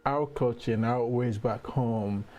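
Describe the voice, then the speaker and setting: Hesitant man hosting, mellow voice. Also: medium pitch, measured pace, highs cut off. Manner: hesitant, repeats words while framing questions. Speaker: host. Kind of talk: interview.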